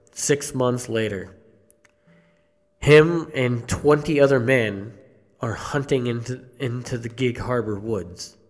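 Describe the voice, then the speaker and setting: Man, mid-pitched, unhurried and halting; live horror storytelling to a theater crowd. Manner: slow, halting, with restarts and coughs. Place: theater stage before an audience.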